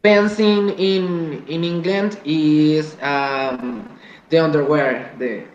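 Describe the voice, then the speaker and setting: Slow, halting man on a roomy call. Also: fairly high pitch, fairly even intonation. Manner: hesitant, halting learner speech. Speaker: student. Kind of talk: online class. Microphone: video call. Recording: muffled, roomy call audio with faint noise.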